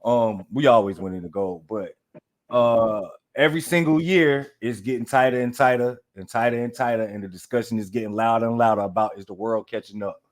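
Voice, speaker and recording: A man's voice: medium pitch, a little fast. A man hosting a podcast in casual chat, loose and rambling, talking straight to his listeners. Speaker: podcast host.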